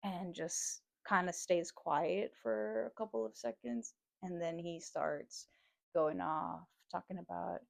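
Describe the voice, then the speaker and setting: A woman's voice: lowish voice, unhurried, gravelly, a little mellow, dry recording. A young woman telling a story in a heated, casual rant, swearing a lot and laughing between lines. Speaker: host.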